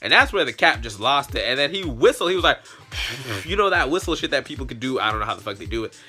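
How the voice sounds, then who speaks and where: A young man vlogger telling a comic story in a slangy, profane, animated way. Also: mid-range voice, fast, breathy edge, faint music behind.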